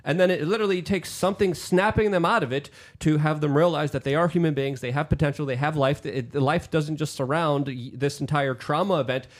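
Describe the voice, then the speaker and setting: A man's voice: fairly high pitch, fairly quick, hardly any pauses. A man hosting a podcast, asking earnest questions with frequent restarts. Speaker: podcast host. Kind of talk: casual podcast interview.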